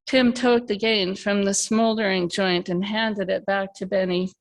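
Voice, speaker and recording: Gravel-voiced woman reading fiction aloud. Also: medium pitch. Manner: steady, measured narration. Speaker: open mic reader. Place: live reading event, remote by video call.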